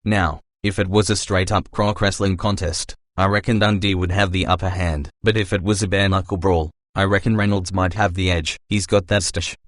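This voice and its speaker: A man's voice: sits low, flat delivery, a little fast, few pauses, dry recording, clean studio sound. A man with an Australian accent, chatting in a slangy, jokey monologue as a narrator. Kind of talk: jokey monologue over driving footage.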